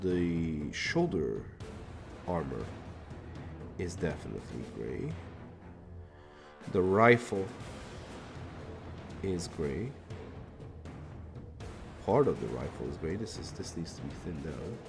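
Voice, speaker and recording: A man's voice: sits low, very animated, slow, creaky, pauses often, over music. A Hungarian man chatting casually on a live stream while painting, thinking aloud, muttering to himself and swearing now and then.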